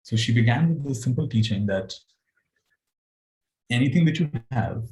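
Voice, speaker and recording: A male spiritual teacher giving a gentle dharma talk, chuckling as he tells stories. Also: mid-range voice, lively intonation, moderate pace, poor audio.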